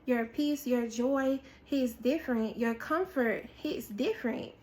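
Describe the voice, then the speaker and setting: High-voiced woman delivering a slow prophetic word. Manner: animated storytelling with acted-out quotes, repetition for emphasis. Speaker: preacher. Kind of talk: prophetic word, sermon-style.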